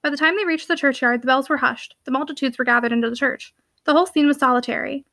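A woman reading a classic novel aloud as podcast host, in a steady, clear narrating voice. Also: high-pitched, fast talker, no room sound. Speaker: podcast host and audiobook reader. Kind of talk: audiobook narration.

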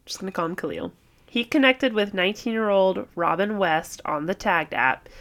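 A woman's voice: mid-range voice, normal speed, fairly bright tone. A young woman co-hosting a true crime podcast in casual chat, talking freely with swearing and frequent laughter. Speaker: podcast co-host.

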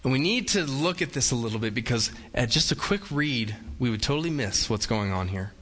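A man delivers a sermon from the pulpit, talking in a relaxed, conversational way and slipping into playful quoted voices. His voice is bright and forceful, and it rings with the long reverb of a large church hall. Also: mid-range voice, brisk. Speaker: pastor.

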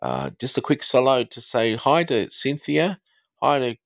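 A man's voice: wildly swooping pitch, measured pace, no echo. A middle-aged male counsellor from the north of England with a mixed Australian and southern English accent, hosting a live podcast in a rambling, friendly way with many ums and restarts. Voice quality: baritone. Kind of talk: live podcast talk to listeners.

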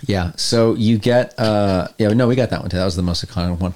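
A man's voice: fairly low pitch, fairly quick, a little mellow, slight background noise. A man running a comedic tabletop game as game master, playful and swearing casually.

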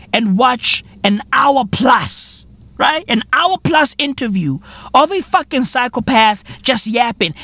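A woman's voice: on the high side, a bit bright, no room sound. A woman hosting a podcast, delivering a profane, incredulous comedic rant full of slang tags. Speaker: podcast host.

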